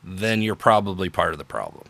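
A man's voice: sits low, very animated, a little fast, gravelly, fairly bright tone. A man hosting an unscripted political podcast, talking in an opinionated, sarcastic way with emphatic repetitions. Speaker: podcast host.

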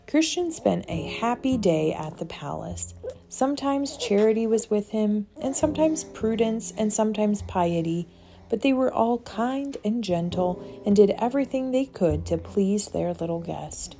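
A woman narrating a children's audiobook in a gentle, measured storytelling manner. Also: mid-range voice, lively intonation, gravelly, soft background music. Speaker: audiobook reader.

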